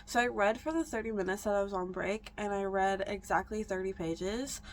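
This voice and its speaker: A woman's voice: mid-range voice, moderate pace, slight background noise. A young adult woman chatting casually in a reading vlog, rambling and correcting herself as she goes. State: out of breath. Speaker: book vlogger.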